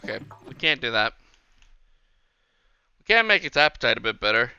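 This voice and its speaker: A man's voice: mid-range voice, very animated, normal speed, bright, forceful tone, dull audio, slight background noise. A man streaming a park-building game, rambling casually as he plays and talking to the animals on screen. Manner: rambling, chatty, talks to the game. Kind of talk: casual gameplay commentary.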